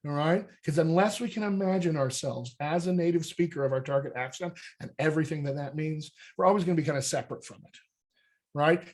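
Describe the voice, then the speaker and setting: A man from the United States who coaches voice and dialect, explaining accent technique in an energetic, conversational way and checking in with "all right?". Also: a little high. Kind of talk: coaching talk on a group call.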